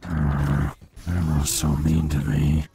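A man's voice: extremely low pitch, flat delivery, slow pace, mellow. A man chatting over online voice chat while gaming, whining and joking with his teammates. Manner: whiny, complaining, joking. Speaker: gamer in voice chat. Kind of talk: casual gaming banter.

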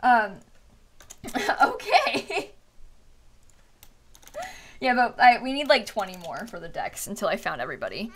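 A woman's voice: medium pitch, very animated, quick pace, few pauses, background noise. A young woman chatting casually on a live stream, thanking viewers with frequent fillers and laughs.

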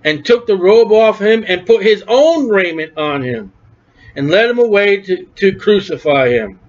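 A male preacher with a high voice delivers a fervent sermon. He swings between low, quiet stretches and shouted peaks. The recording sounds dull and lo-fi. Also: animated, unhurried.

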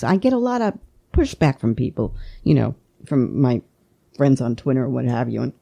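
A woman hosting a political talk podcast, talking with passion, often restarting her sentences and climbing sharply in pitch when she gets worked up. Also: expressive, vocal fry, dark tone, breathy edge. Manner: impassioned, voice climbs when emotional; rapid, repetitive restarts. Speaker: podcast host. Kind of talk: political talk show discussion.

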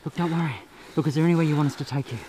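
A man's voice: fairly high pitch, very fast, natural voice. Guy doing a bossy hot-headed maniac, noisy outdoor air behind. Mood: soothing. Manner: barking, then soothing and hushed. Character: bossy, volatile male maniac driving a van. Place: outdoors in a park.

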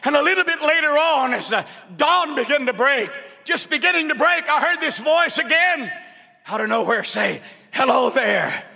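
A man preaching a revival sermon as an evangelist, fervent and shouting at peaks, then dropping to a hush to tell a story. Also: very high voice, lively intonation, normal speed, gravelly. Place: large church hall with congregation. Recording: long reverb of a big church hall.

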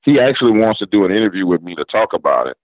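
A man's voice: fairly low pitch, sing-song, rapid-fire, dry recording. A man from New Orleans with a New Orleans accent, a guest telling a story on a radio show in a casual, slangy way, acting out both sides of a conversation. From New Orleans, Louisiana. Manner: retells story with quoted back-and-forth dialogue, drawling casual slang. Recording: dull lo-fi radio audio.

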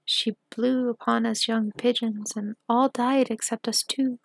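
Cooing storybook wood pigeon, high and sing-song, voiced by a woman. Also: steady tone, measured pace, creaky, no room sound. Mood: solemn.

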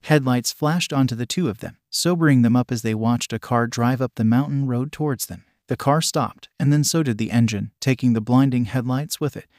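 A man narrating fan fiction aloud in an even, steady reading voice. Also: medium pitch, brisk, few pauses, no room sound, studio quality. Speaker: story reader.

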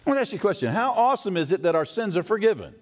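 A man preaching a sermon as pastor, conversational and animated, asking the congregation rhetorical questions. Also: high voice, rapid-fire. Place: church sanctuary. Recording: long hall reverb.

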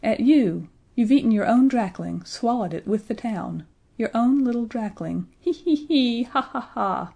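A woman's voice: fairly low pitch, animated, normal speed, few pauses, mellow. A cackling, mocking cockatrice, as a woman puts it on. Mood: gleeful. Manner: taunting, cackling. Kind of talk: children's audiobook character voice.

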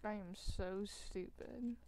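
A woman hosting a gaming video, chatting casually as she plays. She mocks herself and breaks into loud, excited exclamations. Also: medium pitch, takes it slowly, noisy background. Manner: excitable, self-mocking, bursts into loud exclamations. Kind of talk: casual gameplay commentary. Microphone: desk microphone while gaming.

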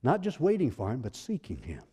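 A man's voice: medium pitch, wildly swooping pitch, a little fast, mellow, slightly rough. Man preaching in a reverberant church. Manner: preaching with rising emphasis and rhetorical questions. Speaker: pastor. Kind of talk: sermon. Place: church sanctuary. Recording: long church-hall reverb.

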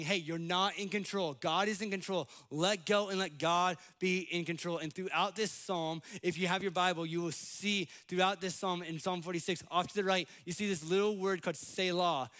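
Animated American male preacher. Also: sits high. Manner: animated, acts out quoted voices. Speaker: pastor. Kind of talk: sermon. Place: church sanctuary.

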